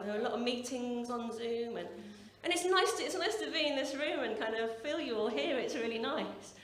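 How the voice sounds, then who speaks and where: A woman in her 40s from the English Midlands performs chatty, wry, sweary stand-up with self-deprecating asides. Her voice is on the high side and a bit bright, with a little hiss or hum. The club is echoey and the crowd laughs.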